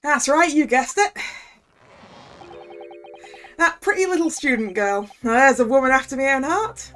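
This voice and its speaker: A woman's voice: sits high, animated, measured pace, fairly bright tone, soft background music, pitched above the performer's own voice. A woman voicing a boastful male journalist with a Cockney accent, full of self-righteous swagger. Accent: Cockney, put on.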